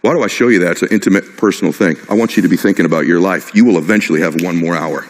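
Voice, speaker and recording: Speaking at a racing pace in a low voice, this middle-aged man gives a fervent, personal motivational talk on stage. He keeps pressing his point with short, repeated lines, and the sound echoes with long hall reverb.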